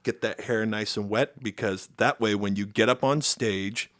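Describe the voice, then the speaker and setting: A middle-aged American man with a voice on the low side speaks at normal speed in studio-quality audio without echo. He's a podcast guest telling band stories in a casual, animated way, acting out quotes with sudden loud jumps.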